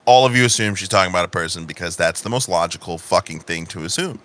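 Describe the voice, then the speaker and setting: A man narrating a tabletop game as game master, animated, with fillers. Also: deep voice. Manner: animated and drawn-out, with filler words.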